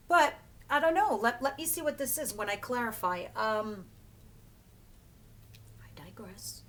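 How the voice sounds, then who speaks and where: A woman's voice: a little high, fairly bright tone. A woman giving a casual tarot reading to camera, chatty and emphatic, swearing freely and often laughing. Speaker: tarot reader.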